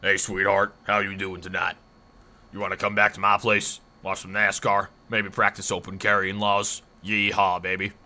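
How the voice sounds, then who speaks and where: A man voicing a flirty, swaggering Texan cowboy who drawls out pickup lines, a little lower than his own voice. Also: little pitch movement, moderate pace, bright, forceful tone.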